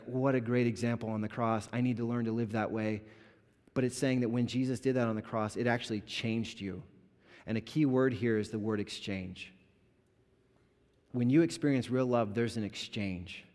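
A man pastor giving an animated, conversational sermon with humor to his congregation in a church. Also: mid-range voice. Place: church sanctuary. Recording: long hall reverb.

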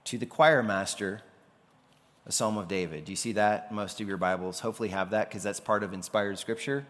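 A man's voice: lowish voice, brisk, a bit bright. A man preaching a sermon in a loose, conversational way, sometimes acting out the people he quotes. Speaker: pastor. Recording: long hall reverb.

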